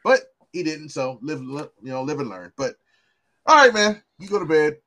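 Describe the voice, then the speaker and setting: A man co-hosting a podcast in casual chat, animated and swearing freely, often repeating words. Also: a little high, moderate pace, crowd noise. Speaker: podcast co-host.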